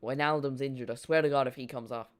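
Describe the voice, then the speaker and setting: Chatty man with a smooth voice. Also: medium pitch, fairly even intonation, quick pace. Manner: rambling, jokey, chats with live chat. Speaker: watch-along host. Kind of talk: live football watch-along commentary.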